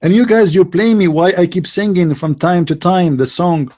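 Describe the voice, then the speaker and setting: Dark-toned man, mocking live commentary. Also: high voice, normal speed, hardly any pauses. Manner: mocking, sarcastic, mimics voices. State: hoarse, coughing. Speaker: debate show host.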